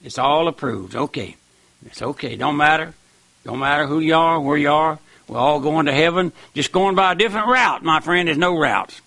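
Man, radio preacher, fervent and emphatic, gravelly, somewhat high voice. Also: moderate pace, sharp tone, dry recording. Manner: emphatic, dogmatic, repeats "my friend" and "listen".

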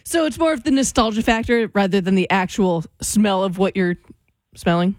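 A woman co-hosting a call-in radio show, delivering dry, wry jokes. Her voice sits in a middle pitch. The studio sound is close and dry. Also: moderate pace, a little mellow, no echo. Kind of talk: casual radio banter.

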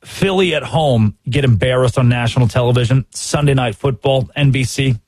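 A man hosting a sports talk show, giving opinionated commentary in an animated, exasperated way and acting out quotes. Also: medium pitch, moderate pace, no echo.

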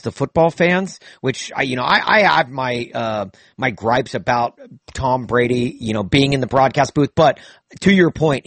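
A man's voice: medium pitch, slightly rough, dry recording. A man chatting casually about football broadcasts, rambling with frequent restarts and fillers. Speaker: co-host. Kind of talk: casual sports chat.

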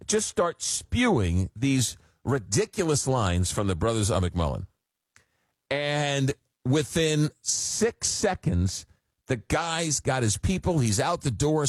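A radio talk show host, telling a rambling story full of fillers. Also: male voice, mid-range voice, dry recording. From Long Island, New York. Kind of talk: casual call-in radio chat. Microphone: studio microphone.

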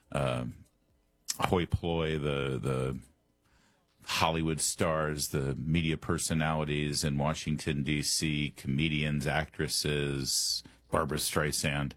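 A man with a deep, husky voice hosts a talk radio show, speaking close to a studio microphone in a dry, deadened room. His commentary is sarcastic and mocking, with a pointed edge to each remark. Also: flat delivery, slow pace, a bit bright, no room sound.

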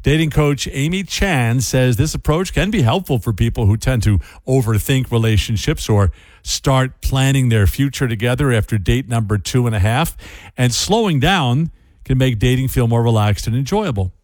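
A man's voice: mid-range voice, normal speed, a little mellow, no echo. A man hosting a radio talk segment, chatty and breaking in with joking asides. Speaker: radio host.

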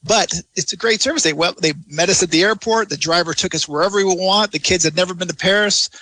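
A man's voice: high-pitched, fast talker, sharp tone, no room sound. A man chatting in an interview about travel, rambling and enthusiastic with lots of restarts. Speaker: travel blogger guest. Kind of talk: casual interview chat.

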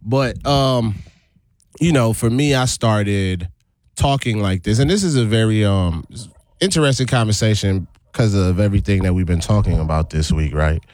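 A man's voice: on the low side, normal speed, darkish tone, no room sound. A man in his forties from the US Virgin Islands, hosting a radio talk show and telling stories casually, laughing often. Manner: storytelling with laughter and fillers. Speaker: radio host.

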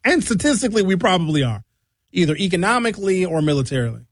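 Brief: American man, sarcastic comic ranting, fairly high voice, dry close sound. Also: fast talker, husky, no echo, low-quality recording. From United States. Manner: sarcastic, animated, mocking. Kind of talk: comedic political rant.

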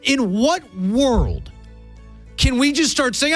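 A man's voice: very high voice, expressive, slow pace, soft background music. A man co-hosting a sports talk show, arguing his points emphatically and with rising disbelief. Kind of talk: heated sports debate.

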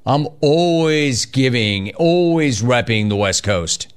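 A man hosts a casual sports talk radio show. He is energetic and chatty and talks in quick bursts. His pitch sits in the middle of the male range. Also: clean tone. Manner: energetic, fast bursts, reads listener chat aloud.

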